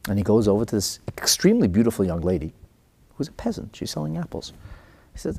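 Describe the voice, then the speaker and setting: A man teaching a class on religious texts and telling a story in an animated way, acting out the characters. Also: lowish voice, fast, gravelly, slightly rough. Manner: animated storyteller, acts out voices. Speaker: Torah teacher.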